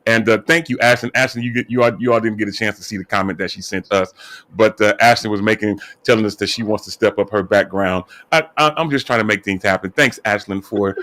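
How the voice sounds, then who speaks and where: A man with a fairly low voice hosts a casual online radio talk show. He is chatty and upbeat, greeting guests and giving shout-outs. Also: fairly even intonation, quick pace. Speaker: host.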